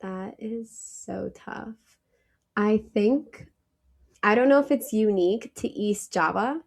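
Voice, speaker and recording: Woman, interview guest, casual chat, animated, laughs easily, mid pitch. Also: slow pace, creaky. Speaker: guest, travel company founder.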